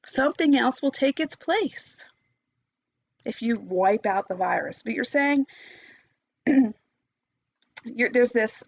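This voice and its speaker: A woman's voice: on the high side, lively intonation, slow pace, creaky, long pauses, dry recording. A woman meditation teacher in an impassioned, unscripted monologue, swearing freely and restarting her sentences. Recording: dull, dry, lo-fi recording.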